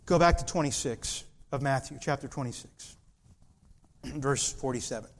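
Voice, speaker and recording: A man's voice: medium pitch, unhurried. A man preaching a sermon, reading scripture aloud and acting out Peter's insistent lines with rising emphasis.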